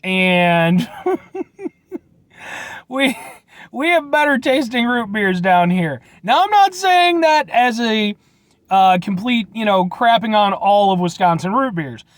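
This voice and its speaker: A man's voice: sits high, expressive, slow, no room sound. A young man from Illinois giving a casual, blunt review with rambling restarts and casual swearing. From Illinois, USA. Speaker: vlogger reviewing root beer.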